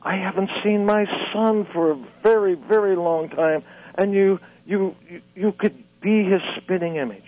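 A man doing a high wavering little old man. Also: normal speed, lightly acted. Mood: amazed. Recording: dull lo-fi radio audio.

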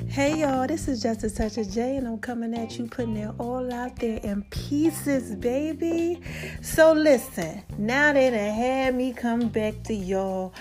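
A woman's voice: a little high, a little slow, over music. A woman hosting a casual podcast monologue, chatty and laughing often as she talks straight to her listeners. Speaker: podcast host.

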